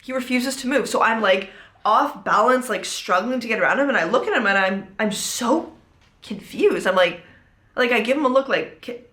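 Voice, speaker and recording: A woman's voice: on the high side, expressive, normal speed, fairly bright tone. Chatty woman podcaster, roomy sound. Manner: chatty, fills speech with "like". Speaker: podcast host. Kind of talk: casual storytime podcast. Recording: roomy echo.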